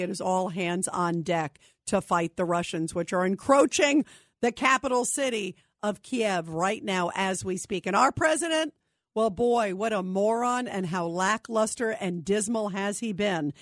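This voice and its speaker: A woman's voice: mid-range voice, normal speed, dry recording, clean studio sound. A woman hosting a call-in talk radio show, speaking in an emphatic, indignant manner. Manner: emphatic, indignant, reads phone number repeatedly. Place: radio studio.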